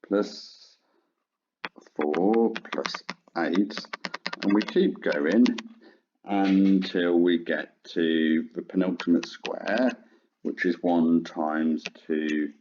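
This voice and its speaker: Male maths teacher, low voice, unhurried, chatty with ums, dull lo-fi recording. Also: background noise. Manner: chatty and informal with frequent fillers. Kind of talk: classroom lesson. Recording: dull lo-fi sound.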